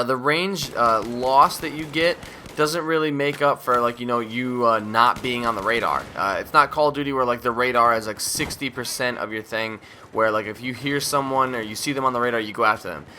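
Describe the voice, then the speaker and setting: With a mid-range voice that's bright and forceful, a man gives loose, self-mocking commentary on the game he's playing, occasionally yawning and sounding sleepy. A little hiss or hum sits under the recording.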